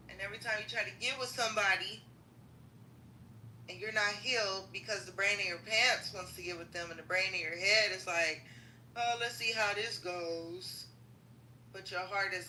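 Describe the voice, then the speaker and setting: A woman telling a profane, slangy comedic story in an animated rant, as a podcast host. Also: medium pitch, slight background noise. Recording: roomy echo.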